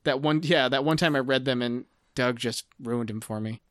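A man's voice: mid-range voice, normal speed, fairly bright tone, smooth, no echo, clean studio sound. A man in his thirties co-hosting a podcast, chatting casually and rambling with many restarts, fillers and swearing. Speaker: podcast co-host. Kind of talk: casual chat.

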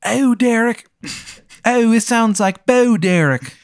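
A man's voice: extremely high pitch, takes it slowly, clean tone, dry recording, clean studio sound, voice pushed up, full character voice. A man voicing a sleazy grown man who speaks in a poorly faked Maryland accent and calls people hun. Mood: wheedling. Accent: put-on, poor Maryland accent. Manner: calls everyone hun, wheedling.

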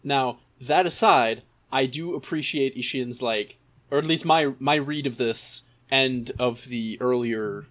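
A man's voice: medium pitch, measured pace, fairly bright tone. A man co-hosting an anime recap podcast, talking casually and rambling, often acting out what the characters might be thinking. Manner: rambling, many "like" fillers, acts out characters' thoughts. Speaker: podcast co-host.

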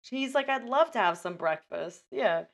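A woman with a fairly high pitch and some vocal fry talks at a moderate pace. As a podcast host she casually retells a film scene by scene, animatedly acting out what the characters say.

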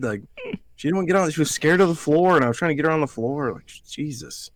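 Brief: male podcast host, mid-pitched, casual and profane, dry close mic. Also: fast talker, no room sound. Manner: profane, rambling storytelling. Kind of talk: casual chat.

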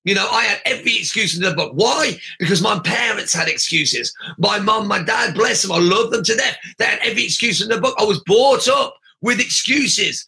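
A middle-aged man delivers a blunt motivational talk to martial arts school owners. His voice sits high and sounds very bright, with a gravelly edge. He often raises his voice and hammers the same points again and again. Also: normal speed, hardly any pauses. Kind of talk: motivational podcast monologue.

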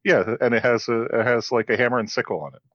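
A man co-hosting a podcast, giving measured, critical commentary in casual chat. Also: mid-range voice, fairly bright tone, no room sound, dull audio. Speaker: podcast co-host.

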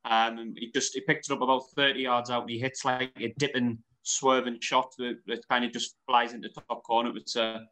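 A man's voice: mid-range voice, little pitch movement, a little fast, hardly any pauses, sharp tone, rough recording. A man on a football podcast, talking casually and hesitantly with plenty of fillers. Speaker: podcast co-host. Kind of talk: casual chat.

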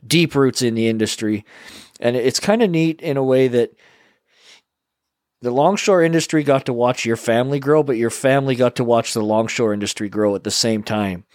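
A man who hosts a podcast, talking in a relaxed, rambling way with fillers. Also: mid-range voice, normal speed, no room sound, studio quality. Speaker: podcast host. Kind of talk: casual interview talk.

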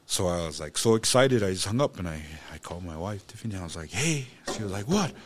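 Low male voice, halting storyteller with many restarts, faint background noise. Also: animated. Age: adult parent. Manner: speaks of God and blessing. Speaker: guest. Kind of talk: personal storytelling.

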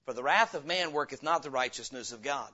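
A man preaching a sermon as pastor, reading scripture slowly and breaking into sudden loud, emphatic bursts. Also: mid-range voice, lively intonation, highs cut off.

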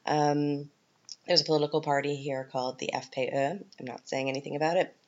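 Canadian woman, podcast host, deep-ish voice, rambling casual delivery, muffled lo-fi sound. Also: fairly even intonation, a little fast, a little mellow. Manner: chatty, rambling, frequent ums and asides. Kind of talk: casual solo podcast talk. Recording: dull lo-fi podcast recording.

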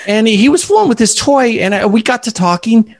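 A man voicing an elderly male physiatrist in his nineties with a New York accent, telling a story slowly. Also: extremely high pitch, big pitch swings, vocal fry, voice pushed up, heavily acted. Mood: reminiscing. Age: 90s. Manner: slow, reminiscing storyteller.

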